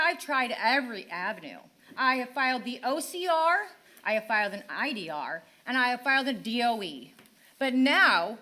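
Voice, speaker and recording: A woman's voice: sits high, bright, forceful tone. A middle-aged woman making an impassioned, frustrated public comment at a town council meeting, pleading with rhetorical questions. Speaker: parent speaking at public comment.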